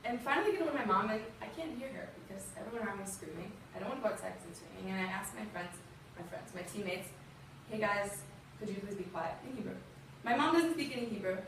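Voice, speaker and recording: A woman's voice: mid-range voice, animated, racing, creaky, noisy background. Earnest young woman in an echoey hall. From Southern US. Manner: earnest, emotional, conversational with fillers. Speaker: guest speaker. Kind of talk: personal story talk to a youth audience. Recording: distant mic in a very echoey room.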